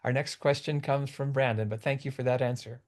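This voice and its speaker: A man moderating an online webinar, reading out audience questions in a brisk, orderly way. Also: medium pitch, steady tone, darkish tone.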